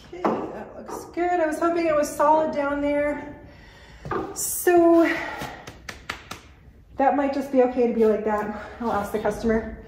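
A woman's voice: high-pitched, a little slow, long pauses. Breathless woman talking through shop work. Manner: thinking aloud while working, practical. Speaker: furniture repair woodworker. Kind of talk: casual workshop commentary. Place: woodworking shop. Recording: echoey shop with loud background noise.

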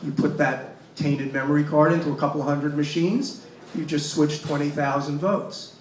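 A man speaking at a panel, emphatic and fond of rhetorical questions, with a voice pitched a little high. He is picked up from some distance in a reverberant room with a faint hiss behind him. The delivery is insistent and repetitive. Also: fairly even intonation, normal speed. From Massachusetts, US. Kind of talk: impassioned panel talk. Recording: echoey room, mic from far off.

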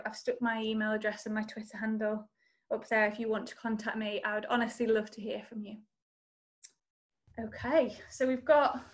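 Earnest woman leading a video-call workshop. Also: on the high side. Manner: earnest, encouraging, speaks of faith. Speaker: workshop presenter. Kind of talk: online conference Q&A.

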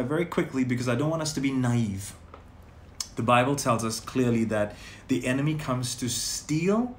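A man leading a sermon and guided prayer, speaking in emphatic, repetitive phrases. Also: medium pitch. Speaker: prayer leader. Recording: roomy echo, faint noise.

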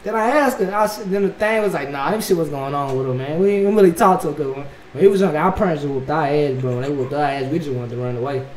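A man hosting a reaction video, telling a story in a casual, animated, slangy way and saying bro a lot. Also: fairly high pitch, fast, few pauses, a crowd in the background. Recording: echoey room, mic at a distance, faint noise.

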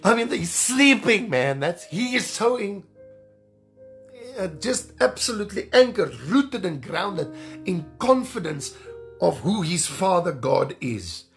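High-voiced fervent male preacher. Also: takes it slowly, gravelly, faint music behind. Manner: fervent, animated preaching with repeated phrases. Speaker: evangelist preacher. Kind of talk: sermon.

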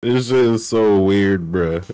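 A man's voice: lowish voice, slow, dark tone, clear, resonant tone, no echo. A man reacting to a clip in disbelief, laughing, swearing and repeating his exclamations in slang. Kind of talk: reaction commentary.

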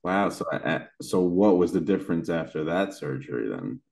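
Guy interviewer, super low voice, asks curious follow-ups. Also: lively intonation, moderate pace, creaky, a little mellow. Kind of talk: casual conversational interview.

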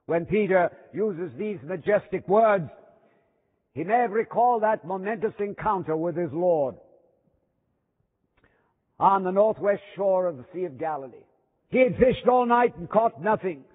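A man preaching a sermon in a chapel, emphatic, with dramatic pauses and sudden drops to a hush. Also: high voice, expressive, husky. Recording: thin phone-like sound with long hall reverb.

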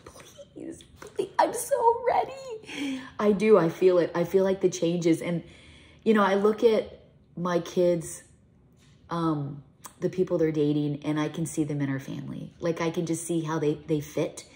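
A woman's voice: low voice, fairly even intonation, normal speed. A middle-aged woman vlogger, a mother, chatting casually to camera in a rambling, emotional way. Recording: echoey room with soft music.

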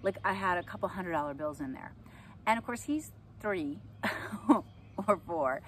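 A middle-aged woman, an astrology and yoga teacher, telling personal stories in a casual, animated way and acting out what people said. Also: lowish voice, a little slow, a little hiss or hum. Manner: animated, acts out quotes with laughs. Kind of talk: casual storytelling to camera.

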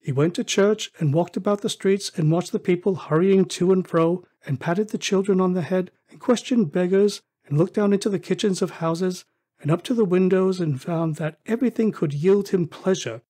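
Husky-voiced man narrating a classic tale. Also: sits high, normal speed. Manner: expressive storytelling. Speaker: audiobook narrator. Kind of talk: scripted audiobook narration.

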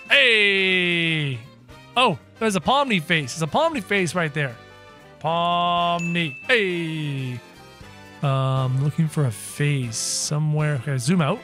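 A man hosting a gaming video, giving excited play-by-play commentary and talking straight to his viewers, often acting scared. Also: on the high side. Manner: excitable, talks to viewers as guys, mock-scared.

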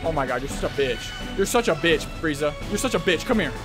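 A young man commentating his gameplay live with a high, wildly swinging voice. He is excitable and trash-talks with plenty of swearing. Clear game music plays under him. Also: fairly quick. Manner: excitable, profane trash talk. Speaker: gaming streamer.

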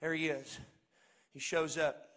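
A man preaching a sermon as pastor, swinging between shouted, sing-song passages and hushed, conversational asides. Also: fairly high pitch, little pitch movement, unhurried.

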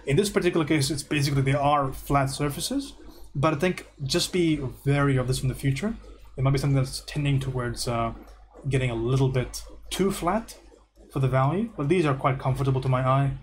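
A man teaching art on a livestream, going through student homework and giving relaxed, encouraging feedback. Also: medium pitch, a little fast, a little hiss or hum. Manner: relaxed and encouraging, thinks aloud with repeated praise.

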